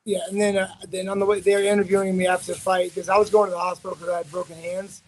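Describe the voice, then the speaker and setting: A man's voice: high-pitched, little pitch movement, very fast, poor audio. A man, a fighter being interviewed, telling a story in a rambling, profane way with many restarts. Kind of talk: casual storytelling.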